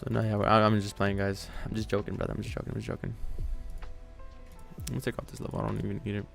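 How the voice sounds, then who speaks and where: Playful, gravelly-voiced man streaming live. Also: on the low side, monotone, quick pace, faint music behind. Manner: playful, rambling, thinking aloud. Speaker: livestream trading host. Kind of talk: casual live commentary.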